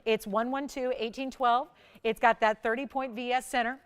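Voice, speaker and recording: A woman host on a live shopping channel, middle-aged, with a smooth, clean voice that sits slightly high. She sells jewelry with urgent, insistent countdown pitches that keep pressing the viewer to call now. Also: steady tone, normal speed. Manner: urgent, countdown-style price reveals.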